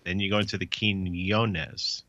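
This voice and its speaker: A very deep-voiced man with a bright, forceful edge and a lively, swinging delivery, chatting easily and laughing often. He comes through a dull, lo-fi call line that sounds muffled. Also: normal speed, no room sound. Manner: laughing, easygoing, swears casually. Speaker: co-host and editor. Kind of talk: casual chat on a call.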